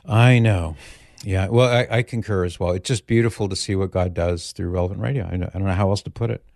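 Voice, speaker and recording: A man hosting a call-in radio show, chatting gently with callers and leading a prayer. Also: low voice, fast talker, gravelly, dry recording, studio quality.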